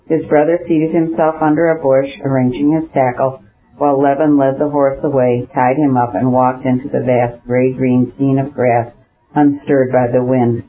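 Male audiobook narrator, steady and measured, mid-pitched; dull lo-fi sound. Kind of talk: scripted narration. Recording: dull lo-fi recording.

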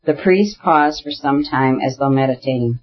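Here a man narrates a classic novel as an audiobook, keeping his delivery even and measured. The mid-range voice comes through on dull audio.

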